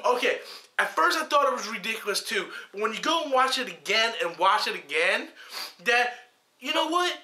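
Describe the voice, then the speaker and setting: Heated male reviewer, high piercing voice, swears constantly, echoey room. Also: very animated, moderate pace, sharp tone. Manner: heated, emphatic, swears a lot. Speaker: film reviewer. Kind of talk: profane ranting film review.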